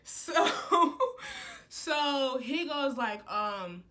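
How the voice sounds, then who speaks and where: A young woman telling a heated storytime to camera, animated and full of "like" fillers. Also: high voice, extremely slow, a little hiss or hum. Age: young adult. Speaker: college student vlogger. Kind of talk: casual storytime.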